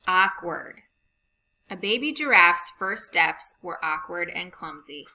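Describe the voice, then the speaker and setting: A woman teaching a phonics lesson over slides, reading rules and example sentences slowly and deliberately. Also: fairly low pitch, lively intonation, bright, forceful tone, a little hiss or hum, poor audio.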